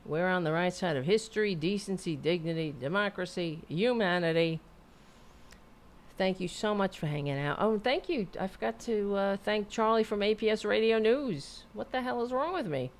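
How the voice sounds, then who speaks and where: A woman's voice: mid-range voice, expressive, moderate pace. A woman hosting a live stream, chatting loosely and rambling, swearing now and then. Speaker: host. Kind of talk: casual live-stream sign-off chat.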